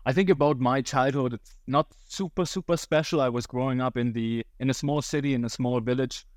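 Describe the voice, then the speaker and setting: A man in his thirties with a German accent and a touch of Cork Irish, speaking as a podcast guest in a relaxed, reflective way with slightly non-native phrasing. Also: medium pitch, brisk, dry recording, studio quality. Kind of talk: casual interview talk.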